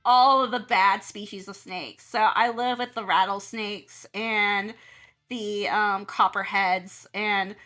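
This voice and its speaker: Soft music plays behind a woman from the American South, an art teacher and streamer, as she chats casually while drawing. Her mid-range voice is sharp and fairly even, her pace slow, and she rambles, laughs often, and acts out how she reacts to things.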